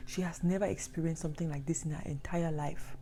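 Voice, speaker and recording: A woman's voice: low voice, steady tone, fast, dark tone. A woman narrating a true story with dramatic, repetitive emphasis. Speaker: storyteller host.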